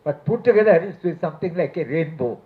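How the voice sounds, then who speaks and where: A man's voice: a little high, expressive, quick pace. A man giving a rambling public speech at an event, laughing lightly between phrases. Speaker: speaker at a solidarity event. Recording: tinny phone-like live stream.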